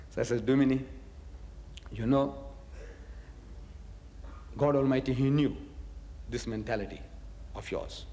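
A man's voice: medium pitch, unhurried, pauses often. A man giving a public lecture on scripture, telling stories with mocking asides and repeating phrases for emphasis. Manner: animated storytelling, mocking asides, chuckles. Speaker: religious lecturer. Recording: echoey hall reverb.

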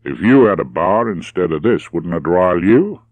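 A man's voice: low voice, animated, normal speed, no room sound, narrow, tinny audio. A man reading the lines of a friendly, teasing outback man.

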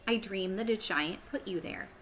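A woman reading aloud, voicing a composed, regal older queen who asks measured, polite questions. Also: mid-range voice, fairly bright tone, slight background noise, lightly acted. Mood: puzzled, wondering.

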